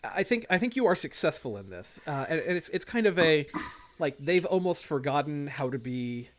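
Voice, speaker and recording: This game master of an online tabletop game rambles through his narration, leaning heavily on "like" and "kind of." He has a slightly high, sing-song voice at normal speed.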